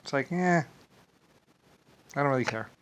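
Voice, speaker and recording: A man's voice: medium pitch, animated, normal speed. Rambling man with endless filler words. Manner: dismissive, shrugging asides. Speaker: vlogger. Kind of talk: rambling casual monologue.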